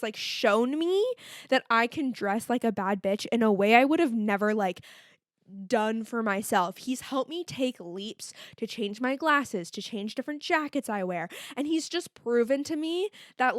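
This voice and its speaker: Chatty young woman with a bright voice. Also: fairly high pitch, no echo, studio quality. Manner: chatty, candid, lots of fillers and swearing. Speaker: podcast host. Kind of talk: casual solo chat. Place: home.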